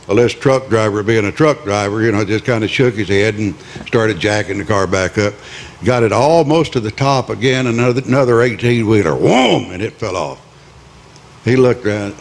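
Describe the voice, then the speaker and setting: A man's voice: on the low side, animated, moderate pace. A man on a small club stage telling a rambling, folksy joke and teasing the audience. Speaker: club performer, singer and joke teller. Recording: live with guitar playing.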